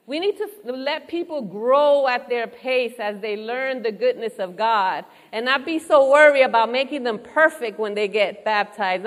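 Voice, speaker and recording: An earnest woman delivers a sermon to a gathered congregation, calling out questions to the room as she goes. Her voice sits a little high, and a long reverb trails behind her words in the church hall. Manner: earnest, engaging the audience with questions. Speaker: preacher.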